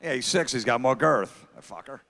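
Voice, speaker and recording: A man's voice: mid-range voice, animated, brisk, creaky, a bit bright. A middle-aged man doing stand-up comedy on a theater stage, telling brash, profane stories and talking to the crowd. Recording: long theater reverb.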